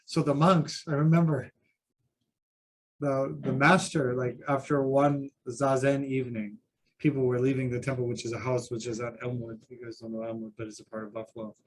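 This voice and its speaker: A man with a medium-pitched voice, speaking in a group discussion at a seminar. He teaches Buddhism and tells anecdotes at length. He pokes fun at himself as he goes. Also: flat delivery, normal speed, a little hiss or hum. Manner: anecdotal, self-deprecating storytelling.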